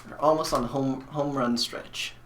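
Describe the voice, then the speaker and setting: A man's voice: medium pitch, steady tone, normal speed, noisy background. A man hosting a live stream, chatting bluntly and rambling with many fillers while he builds a computer.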